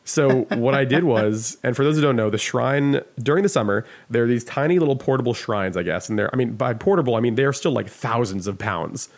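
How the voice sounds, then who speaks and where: A man's voice: mid-range voice, animated, brisk, few pauses. Rambling man telling a story, heavy fillers. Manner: rambling, lots of "like" fillers, swears casually. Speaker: podcast guest. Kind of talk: casual storytelling.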